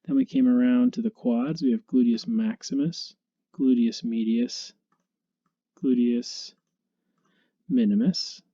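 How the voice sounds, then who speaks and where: A man teaching anatomy in a relaxed, conversational way, walking through the muscles one by one. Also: medium pitch, slow pace, pauses often, breathy edge, lo-fi sound. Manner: relaxed and conversational, with small restarts. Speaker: instructor. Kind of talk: casual anatomy lecture.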